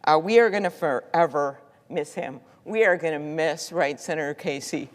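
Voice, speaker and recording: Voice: medium pitch, normal speed. A senator speaks from the floor of a large chamber, and the voice trails off into a long reverb. The tribute is heartfelt and told as a story, with small fillers between thoughts.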